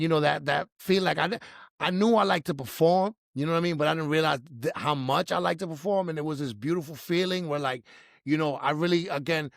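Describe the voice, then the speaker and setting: A middle-aged man telling a personal story in casual chat, animated and acting out his own nervous moments. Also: on the high side, vocal fry, no echo, clean studio sound. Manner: animated, acts out his own past panic in quotes. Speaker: storyteller guest.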